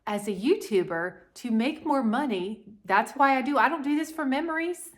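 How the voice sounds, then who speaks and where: A woman's voice: high-pitched, lively intonation, normal speed. Middle-aged woman, home vlogger; blunt, folksy, chatty. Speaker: home decor YouTuber. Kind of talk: casual decorate-with-me vlog.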